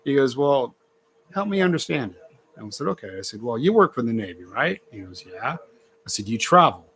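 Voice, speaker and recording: A man's voice: mid-range voice, very animated, a little fast, fairly bright tone. A middle-aged man telling a story in casual chat, acting out quoted voices and laughing often.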